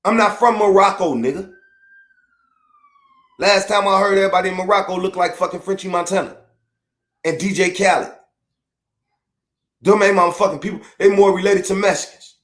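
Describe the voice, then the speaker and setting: A man's voice: high voice, steady tone, brisk, long pauses, a bit bright. Middle-aged chicago dude ranting on his podcast, blunt, swears a lot, kinda echoey room. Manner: profane, blunt, heated, repetitive. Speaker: podcast host. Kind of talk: unfiltered rant.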